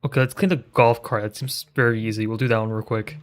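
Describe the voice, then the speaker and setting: A man's voice: on the low side, fairly even intonation, fast talker. A man live-streaming a video game, chatting casually and ranting with a lot of swearing. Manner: profane, ranting, riffing on the game.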